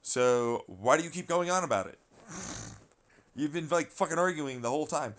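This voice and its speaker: A man's voice: medium pitch, animated, fairly quick, fairly bright tone. A man vlogging a rambling, profane, exasperated commentary rant.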